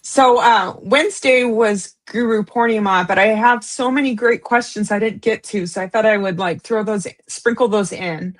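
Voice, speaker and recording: A woman co-hosting a spiritual talk, upbeat and quick to laugh as she puts questions to the host. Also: mid-range voice. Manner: upbeat, laughs easily, short agreeing replies. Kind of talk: casual interview chat.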